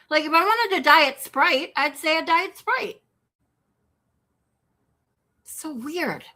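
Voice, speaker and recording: A woman with a Michigan accent, hosting a livestream and chatting casually with her viewers, animated and rambling, often incredulous. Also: high-pitched, slow pace, long pauses. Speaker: livestream host. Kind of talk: casual chat with live chat. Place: home in Texas.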